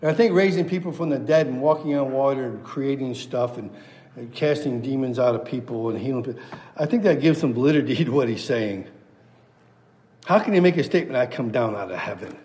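A man's voice: mid-range voice, a little fast, a little mellow. A man preaching an expository sermon, reading scripture aloud and hammering points home through repetition. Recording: long hall reverb.

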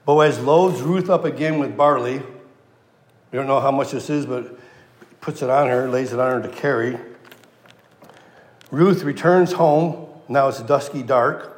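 A man delivers an expository sermon in a big reverberant hall, his voice carrying a long echo. He reads the passage and then slips into the characters, paraphrasing them in lively everyday speech. His pitch sits in an ordinary middle range. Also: a little slow, pauses often. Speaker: preacher.

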